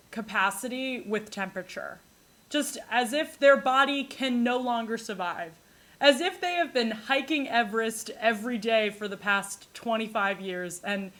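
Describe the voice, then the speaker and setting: A woman from New York hosting a podcast, telling comic stories in a rambling, animated way and laughing often. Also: on the high side. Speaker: podcast host. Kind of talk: comedic solo monologue.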